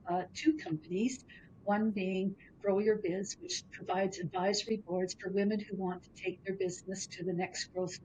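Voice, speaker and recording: Guest woman founder, careful and searching, faint rumble in the background. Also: a little mellow, rough recording. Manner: thoughtful, searches for words. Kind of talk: interview answers.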